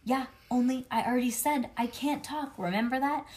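A woman's voice: high voice, moderate pace, a little mellow, voice pushed up, close to an everyday voice. A woman voicing a spunky, bossy little schoolgirl who talks in run-on, childish sentences. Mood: defensive. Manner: chatty, run-on, childish grammar.

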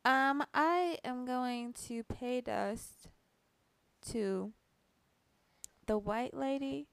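A woman co-hosting a podcast, telling her own story in an emphatic, expressive way during casual chat. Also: sits high, drawn-out words, creaky, clean tone, no echo. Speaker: podcast co-host.

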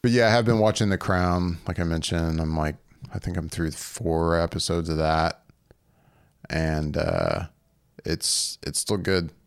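A man's voice: deep voice, fairly even intonation, a little slow, creaky, clear, resonant tone, no room sound, clean studio sound. A man co-hosting a podcast in casual chat, rambling with frequent laughs and restarts. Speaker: podcast co-host.

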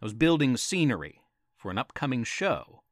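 A man's voice: mid-range voice, very animated, normal speed, dry recording, clean studio sound. A man telling a campfire story as a podcast storyteller, dramatic and teasing, with asides to his listeners.

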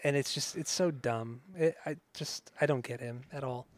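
A man's voice: medium pitch, normal speed. A man co-hosting a casual music podcast, swearing freely and sometimes singing along. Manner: profane, bursts into singing along. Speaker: podcast co-host.

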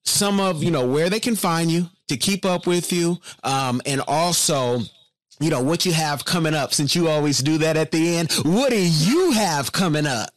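A man's voice: fairly high pitch, animated, moderate pace, no echo. A man hosting an interview who closes the chat in a friendly, casual way. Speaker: host.

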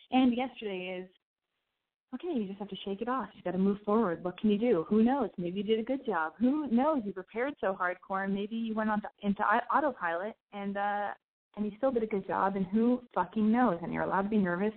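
Rambling woman radio host, phone-line sound. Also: mid-range voice. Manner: rambling, self-analytical, restarts and fillers. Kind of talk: candid monologue with swearing.

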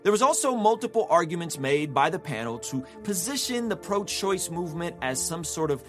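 Lively-voiced male commentator. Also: a little high, a little fast, over music. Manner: opinionated, reflective. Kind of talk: casual commentary.

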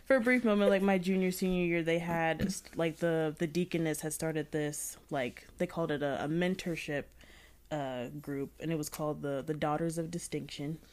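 A young woman with a fairly low voice talks through a story in relaxed podcast chat. She rambles, leans on "like" constantly and breaks into laughter often. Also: normal speed. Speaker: podcast co-host. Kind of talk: casual chat.

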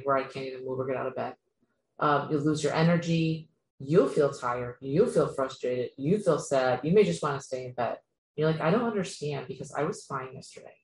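Woman, low voice, earnest teaching tone, checks in with the listener, echoey room. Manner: earnest, repetitive, addresses listener directly with frequent "okay?". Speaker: spiritual teacher. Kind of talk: instructional talk to camera. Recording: echoey room with faint ambient noise.

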